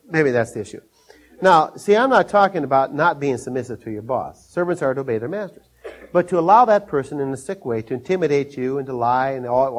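An older man from Minnesota preaching a sermon, telling folksy stories, chuckling often and acting out scenes in a raised voice. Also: medium pitch. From Minnesota, USA.

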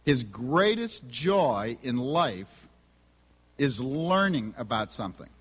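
With big pitch swings around a medium register, the speaker talks slowly in a slightly bright, breathy voice. He is a middle-aged man giving a sermon on family and spiritual gifts, voicing his relatives in comic anecdotes, all under a large hall's long reverb.

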